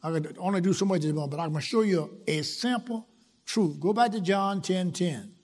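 A high-pitched man delivers a sermon. His emphatic preaching rises to loud, stressed lines and drops to quiet asides. He repeats phrases to build rhythm. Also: fairly quick, husky.

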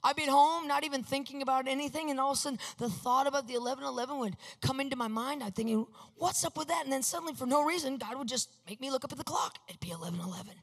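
Woman preacher, fairly high voice, emphatic testimony sermon, long hall reverb. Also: racing, hardly any pauses. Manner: emphatic, swings from hushed to loud.

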